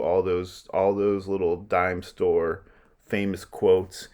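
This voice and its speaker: A man with a very low voice lectures on a play. He talks casually and fills his explanations with loose asides. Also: steady tone, moderate pace, a little mellow. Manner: casual, explains in asides with many "you know"s. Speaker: literature teacher.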